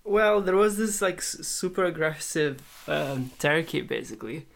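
A man's voice: fairly high pitch, lively intonation, moderate pace, vocal fry. A man from Moldova dropping into a podcast to tell a short story. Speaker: guest. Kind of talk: casual chat.

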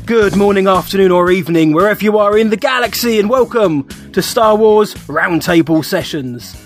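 A man's voice: sits high, normal speed, faint music behind. A man hosting a podcast, playful and fond of puns in casual chat. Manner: playful, punning. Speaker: podcast host.

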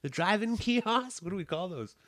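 Young man, joking co-host type, bright and slightly high voice, teases and laughs a lot. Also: expressive, moderate pace. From Canada. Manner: teasing, rambling, laughs often. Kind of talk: casual chat.

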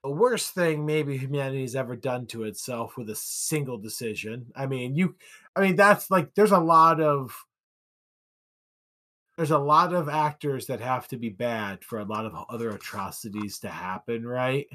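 A man co-hosting a podcast, chatting casually about an old film, often restarting sentences with sudden lifts in emphasis. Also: normal speed. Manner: animated, restarts a lot, pitch jumps for emphasis. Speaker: podcast co-host.

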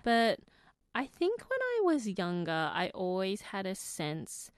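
Lively Australian woman telling stories. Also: mid-range voice, takes it slowly, smooth, no room sound, studio quality. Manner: animated storyteller, laughs often. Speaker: podcast guest. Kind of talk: casual chat.

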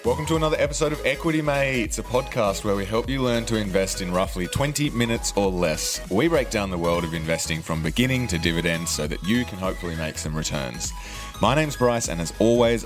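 An Australian man hosting a casual podcast in a very low voice. He chats in an upbeat, joking way, laughing easily. Faint music sits under his talk. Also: expressive, fairly quick. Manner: upbeat and jokey, with frequent laughs and fillers. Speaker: podcast host. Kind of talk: casual investing podcast chat.

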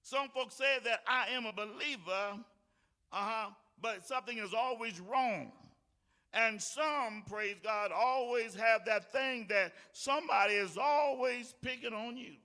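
A male pastor preaching a sermon with call-and-response, building from easy talk to shouted exhortation and mimicking whiny voices along the way. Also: very high voice, measured pace. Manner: mimics tired whining voices in asides. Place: church sanctuary. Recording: long hall reverb.

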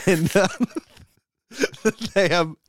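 A man's voice: high-pitched, very slow, no echo, clean studio sound. A man co-hosting a comedy podcast, improvising a silly story with many ums and laughing at his own jokes.

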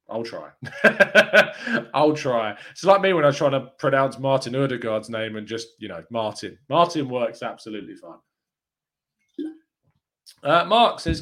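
Upbeat football show host. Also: male voice, medium pitch, a bit bright. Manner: chatty and upbeat, with frequent fillers and quick laughs. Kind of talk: live fan news show, reading viewer comments.

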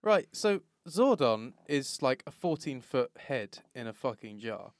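A man's voice: medium pitch, very animated, unhurried, no echo. A man, co-hosting a casual chat and retelling scenes with lots of laughter and swearing. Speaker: podcast co-host.

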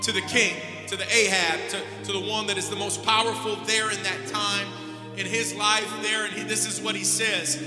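Pastor guy preaching hard, really high voice, big echoey church, music going behind him. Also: flat delivery, normal speed. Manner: emphatic preaching with crowd call-outs. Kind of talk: sermon. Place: church sanctuary.

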